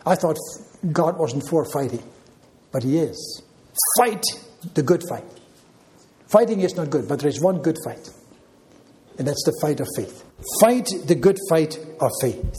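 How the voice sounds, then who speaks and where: A man's voice: fairly high pitch, lively intonation, a little slow, long pauses, dark tone, a little hiss or hum. An older man preaching a sermon, repeating key phrases with emphasis and checking in with listeners.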